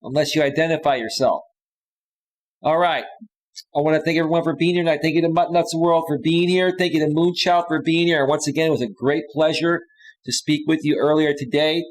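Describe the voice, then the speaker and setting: A man's voice: fairly high pitch, steady tone, a little fast, rough recording. A man hosting a live stream, reading viewer comments aloud and answering them bluntly and dismissively. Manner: blunt and dismissive, with frequent restarts.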